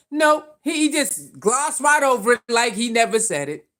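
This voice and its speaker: This is a sports commentator talking straight to camera in a casual, opinionated vlog. The voice sits at a middling pitch and keeps circling back with rhetorical questions and repeated points. The speech is loose and slangy throughout. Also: lively intonation, normal speed, hardly any pauses, bright, forceful tone.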